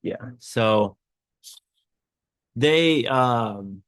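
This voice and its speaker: A man's voice: medium pitch, lively intonation, extremely slow, fairly bright tone, no echo. A man hosting a podcast, telling a personal story in a rambling way with many fillers and restarts, tearful and choked up. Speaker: podcast host.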